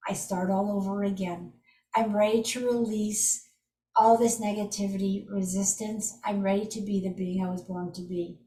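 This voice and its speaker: Woman teaching a tapping method, encouraging and step-by-step; mid-pitched, sits back from the mic in an echoey room. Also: darkish tone, far from the mic. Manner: encouraging, speaks example phrases aloud. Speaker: energy healing teacher. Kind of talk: guided tapping demonstration.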